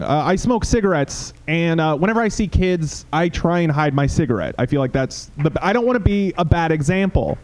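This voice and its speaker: A young man performs stand-up on a small club stage, his voice pitched high and bouncing widely between notes. He rambles through self-deprecating bits full of halting little asides. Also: a little mellow. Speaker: stand-up comedian. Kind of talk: stand-up comedy set.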